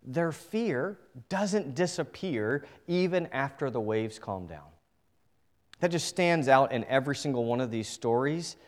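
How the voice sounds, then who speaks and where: A male pastor from New England preaching a sermon to his congregation, earnest and direct, swinging between hushed and emphatic delivery. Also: medium pitch, animated, measured pace.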